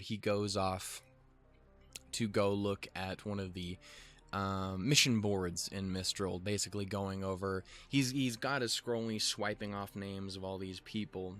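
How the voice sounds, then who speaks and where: A man giving a casual episode recap with rambling, restarting sentences and offhand swearing. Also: on the low side. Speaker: show reviewer.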